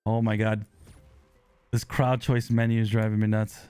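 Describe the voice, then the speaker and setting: Chatting with his audience while streaming a live online game, this man sounds excitable, breaking into sudden loud exclamations and quick apologetic laughs. His fairly low, smooth voice comes through a close desk microphone with no room sound and faint music in the background.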